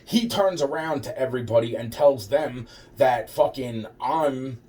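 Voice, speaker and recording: With a mid-range, slightly mellow voice and a measured pace, a man sits at a distance from the mic. He rambles through a story from his life, swearing all the time and frequently restarting.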